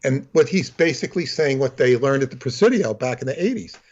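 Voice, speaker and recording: A man's voice: medium pitch, expressive, brisk, darkish tone, lo-fi sound. A man telling stories and talking astrology in casual chat, rambling with many restarts and breaking into character voices. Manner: rambling, full of fillers and restarts, acts out voices.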